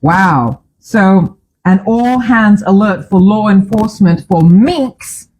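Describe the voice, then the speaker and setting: A woman's voice: mid-range voice, lively intonation, slow pace, a little mellow, a little hiss or hum, poor audio. A woman hosting a casual talk show from a studio, chatty and opinionated, often drifting off on tangents. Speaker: show host.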